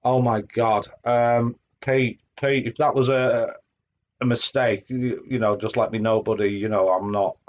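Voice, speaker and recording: A middle-aged man hosts a casual live stream, gushing and rambling with plenty of ums and restarts. His voice sits at an ordinary pitch. It comes through a home mic that sounds a little dull and lo-fi. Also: steady tone, a little slow. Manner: chatty, effusive, lots of fillers and restarts. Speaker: streamer host. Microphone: home streaming microphone.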